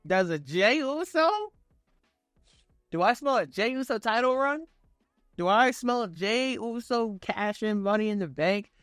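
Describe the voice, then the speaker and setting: Slangy, excitable man reviewing wrestling. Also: high-pitched, unhurried, clear, resonant tone, no room sound, studio quality, faint music behind. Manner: animated, profane, slangy. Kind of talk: casual video review.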